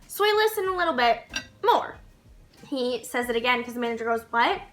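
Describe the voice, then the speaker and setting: A young woman vlogger telling a story to camera in a casual, animated way, swearing and laughing as she goes. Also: fairly high pitch, a little fast, faint music behind.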